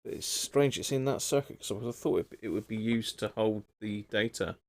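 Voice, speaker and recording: A radio repair livestream host with a fairly low voice talks briskly, thinking aloud in a rambling, casual way and chatting with his viewers.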